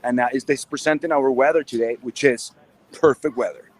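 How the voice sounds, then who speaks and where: A man roving an outdoor farmers market for a live show, talking excitedly as he walks. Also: mid-range voice, fairly quick. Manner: excited, talks while walking. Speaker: roving reporter. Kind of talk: live on-location chat.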